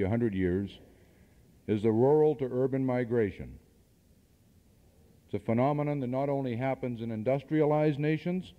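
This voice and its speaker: In a mid-range voice, a seminar speaker presses his points to the audience through rhetorical questions and a few dry asides. The speech survives on worn cassette tape, muffled and lo-fi, with long reverb trailing off the hall's walls.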